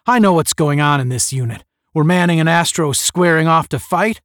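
A man's voice: moderate pace, a bit bright, dry recording, clean studio sound, natural voice. A man reading the part of a stern, cold space academy captain who barks clipped commands. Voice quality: deep.

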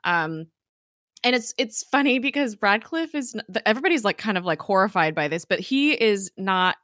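A woman's voice: medium pitch, animated, normal speed, a bit bright, no echo, clean studio sound. A woman host chatting casually through a TV episode recap, giggling often and filling with "like". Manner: giggly, chatty, lots of "like" fillers. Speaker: podcast host.

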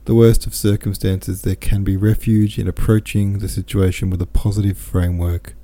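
Gravelly deep-voiced man reading aloud. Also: moderate pace. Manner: relaxed, chatty asides between reading. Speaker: podcast host and reader. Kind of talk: audiobook reading with listener comments.

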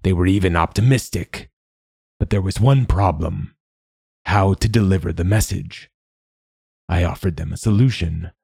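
A man voicing an ancient, secretive machine god in a storybook reading, with a rasping, slow and measured delivery. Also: low voice, a little mellow, no echo, clean studio sound, full character voice. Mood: solemn. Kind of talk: audiobook narration.

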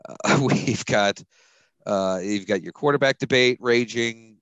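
A man's voice: mid-range voice, measured pace, fairly bright tone, dry recording, dull audio. A man hosting a casual sports podcast, rambling loosely and chuckling as he talks. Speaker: podcast host.

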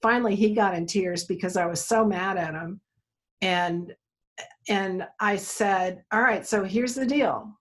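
Woman therapist as interview guest, husky voice, animated storyteller. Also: mid-range voice, unhurried. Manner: animated storyteller, acts out quoted dialogue.

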